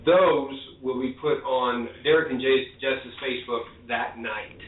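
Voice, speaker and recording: A man's voice: mid-range voice, fairly even intonation, measured pace. A man co-hosting a casual talk show, rambling and often restarting his sentences. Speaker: show host. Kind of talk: casual radio chat. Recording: tinny phone-like line, echoey.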